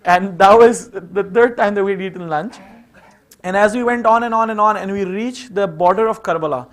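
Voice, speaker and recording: A man's voice: high voice, moderate pace. A man giving an informal seminar talk, telling stories in a conversational way with plenty of fillers. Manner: conversational, full of "you know" fillers. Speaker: seminar speaker.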